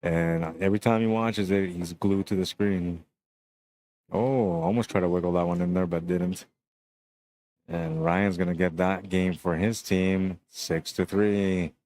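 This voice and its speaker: A young adult man giving relaxed, chatty live commentary on a pool match and greeting stream viewers. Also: sits low, a little slow, no echo.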